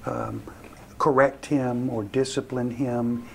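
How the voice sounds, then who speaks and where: Brief: mid-pitched male interviewer, measured and deliberate. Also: level tone, gravelly, a little hiss or hum, poor audio.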